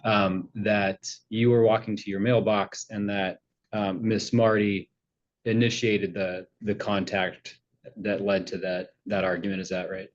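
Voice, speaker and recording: A man presiding as a judge at a hearing, asking questions in a halting way with many fillers. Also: on the low side, little pitch movement. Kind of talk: courtroom questioning. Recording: muffled lo-fi audio.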